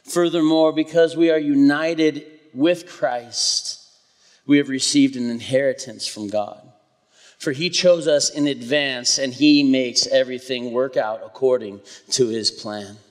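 Brief: male preacher, unhurried and halting, live church recording with a long hall echo. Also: mid-range voice. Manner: soft-spoken, halting, with many fillers and restarts. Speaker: pastor's son filling in as preacher. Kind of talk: church sermon with prayer and scripture reading.

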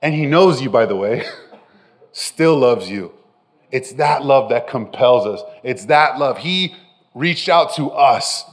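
A man preaching a sermon, animated and direct with his listeners, often dropping from loud emphasis to soft, intimate phrases. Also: mid-range voice, takes it slowly. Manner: addresses listeners directly with frequent "right?". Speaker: pastor.

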